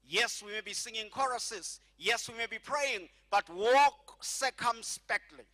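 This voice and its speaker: A middle-aged man preaching a sermon as pastor, slowing and stretching key phrases and having the congregation repeat after him. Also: extremely high pitch, sharp tone.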